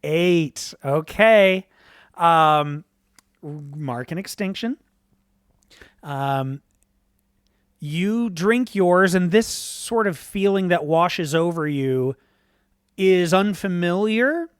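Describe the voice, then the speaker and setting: A man narrating a tabletop game as game master, relaxed and rambling with fillers. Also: sits high, drawn-out words, long pauses, clear, resonant tone, no echo, studio quality.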